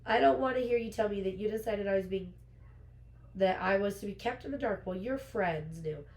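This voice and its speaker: A woman's voice: mid-range voice, brisk, a little mellow, lightly acted. A woman reading aloud from a novel, voicing a stubborn young heroine who feels betrayed. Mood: furious. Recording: roomy echo.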